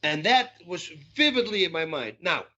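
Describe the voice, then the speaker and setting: A middle-aged man, a podcast guest, telling stories in an animated way and acting out the dialogue. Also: sits high, normal speed, highs cut off. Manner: animated storyteller who acts out dialogue. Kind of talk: storytelling interview talk.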